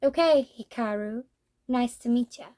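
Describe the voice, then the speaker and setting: A woman's voice: on the high side, measured pace, dark tone, natural voice. A woman voicing a blunt, plain-spoken, grieving rural teenage boy, read from a manga.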